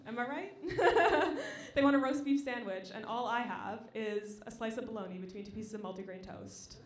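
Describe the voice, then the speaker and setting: A young woman doing a stand-up comedy set on a club stage, dry and deadpan between loud acted-out quotes. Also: on the high side, normal speed. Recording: echoey live venue.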